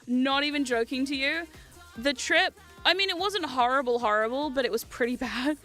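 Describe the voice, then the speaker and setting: Young female streamer, New Zealand accent, high voice, animated and foul-mouthed, easy laugh. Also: moderate pace, faint music behind. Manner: animated, swears freely, laughs often. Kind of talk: casual livestream chat.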